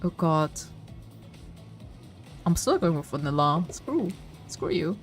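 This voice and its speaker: Excitable woman VTuber, animated pitch. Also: takes it slowly, pauses often, soft background music. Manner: excitable, playful, gasps and laughs. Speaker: VTuber streamer. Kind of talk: casual gaming commentary.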